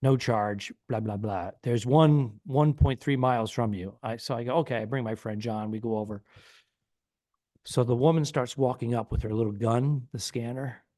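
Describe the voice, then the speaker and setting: A man's voice: mid-range voice, steady tone, normal speed, mellow, no room sound, studio quality. A man co-hosting a comedy podcast, telling a long rambling story in casual chat and acting out the people in it. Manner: rambling anecdote, acts out quoted people. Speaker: podcast co-host.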